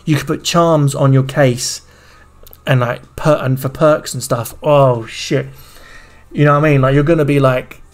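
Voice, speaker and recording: A man streaming, reacting excitedly to a game trailer in casual, profanity-laced commentary. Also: medium pitch, normal speed. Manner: excitable, swears freely, talks over the video.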